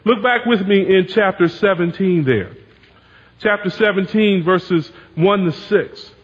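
Pastor, male, high-pitched, lively preaching, dull hall recording. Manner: animated, acts out quoted voices. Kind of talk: sermon.

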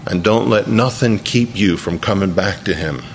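A man's voice: deep voice, normal speed, a little hiss or hum. Man preaching a storytelling sermon. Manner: storytelling preacher who repeats words. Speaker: pastor.

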